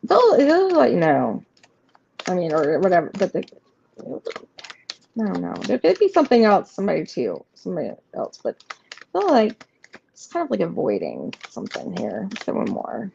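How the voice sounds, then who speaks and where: A woman reads tarot live for her viewers, talking casually with lots of fillers and restarts. Her voice sits low with a gravelly fry and swings widely in pitch. The stream audio is slightly muffled, with faint noise and keyboard clicks behind her. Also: huge pitch swings, moderate pace, a little mellow. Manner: chatty and rambling, many fillers and restarts; reassuring, speaks straight to viewers. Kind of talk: casual live card reading.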